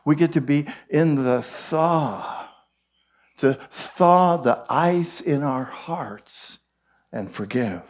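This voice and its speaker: A man's voice: on the high side, extremely slow. A man with an Irish accent giving a conversational storytelling sermon, folksy with frequent asides. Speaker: minister giving a talk.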